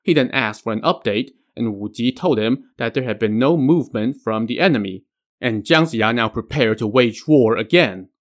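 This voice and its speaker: A man's voice: mid-range voice, animated, moderate pace. A man hosting a podcast, retelling a legend with casual asides. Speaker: podcast host. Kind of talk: storytelling narration.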